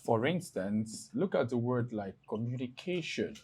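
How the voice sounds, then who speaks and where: Slow, mellow-voiced male tutor. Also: mid-range voice, big pitch swings, slightly rough. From Nigeria. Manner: slow, repetitive explaining, spelling out letters. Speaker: English tutor. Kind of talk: exam prep lesson.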